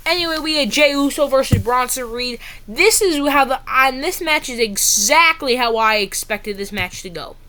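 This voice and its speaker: A woman giving a casual, excitable wrestling recap, ranting and saying "bro" a lot. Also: sits high, normal speed, few pauses.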